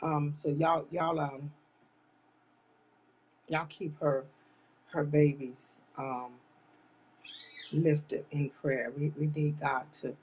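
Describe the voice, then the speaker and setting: A woman's voice: low voice, flat delivery, takes it slowly, long pauses, a little mellow, lo-fi sound, a little hiss or hum. A woman hosting a live online talk show, speaking straight to her viewers in an impassioned, churchy way. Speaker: live-stream host. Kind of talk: casual live chat.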